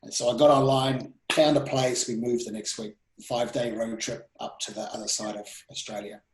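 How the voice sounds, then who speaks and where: Guy in his 30s telling animated stories, lots of restarts, echoey room. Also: mid-range voice, brisk. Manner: animated storytelling, many restarts and quoted self-talk. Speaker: guest speaker. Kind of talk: casual interview talk. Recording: roomy echo.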